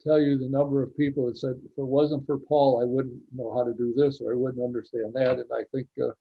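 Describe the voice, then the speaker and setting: Male talk show host, breathy and a little muffled, interviewing a guest over a video call. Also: mid-range voice, flat delivery, fairly quick. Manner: admiring, rambling with restarts.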